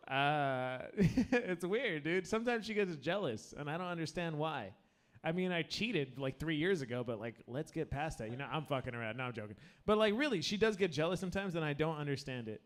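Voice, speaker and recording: An American stand-up comedian does a crude, rambling open-mic set on stage with a handheld mic, a bit tipsy and often breaking off mid-sentence. His voice is on the high side, expressive, and fairly quick.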